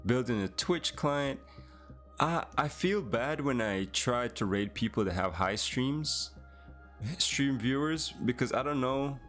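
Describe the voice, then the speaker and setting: A man's voice: mid-range voice, animated, takes it slowly, fairly bright tone. Male stream host, laid-back, thinks aloud with chat; faint music in the mix. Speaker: livestream host, programmer. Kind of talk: casual livestream chat.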